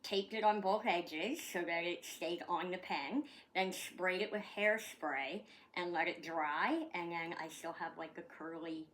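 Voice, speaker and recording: A woman's voice: fairly low pitch, unhurried, few pauses, fairly bright tone. A middle-aged woman from Canada, chatting casually at home in a rambling way, swearing now and then. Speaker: vlogger. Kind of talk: casual chat.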